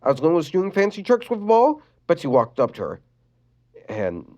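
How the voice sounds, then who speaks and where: A storyteller reads a fan-written sad story aloud. The delivery is expressive, with a lively, swooping pitch and the odd stumble and restarted word. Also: fairly quick, highs cut off.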